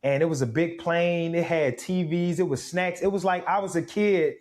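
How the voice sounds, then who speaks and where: A man in his thirties from Mississippi, a guest in an interview, telling his story with reflective, animated energy. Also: fairly high pitch, normal speed. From Mississippi, USA. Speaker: guest, former pro football player.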